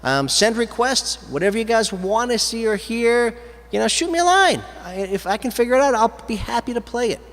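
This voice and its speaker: A man hosting his own live music show, chatting casually between songs in a rambling, easygoing way with quick asides. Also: very high-pitched, expressive, long reverb tail.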